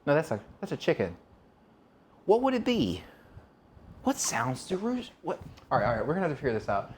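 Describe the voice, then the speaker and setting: With a slightly high voice whose pitch swoops wildly, a man talks fairly quickly on a casual kitchen live stream. He cooks while rambling, chatting and quizzing his viewers, with slight background noise present.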